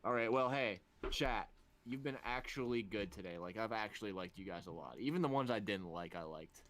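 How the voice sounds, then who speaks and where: A man's voice: lowish voice, lively intonation, a little fast, fairly bright tone, a little hiss or hum. A young man co-hosting a live stream, wrapping it up with sarcastic, laid-back banter. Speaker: stream co-host. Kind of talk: casual stream chat.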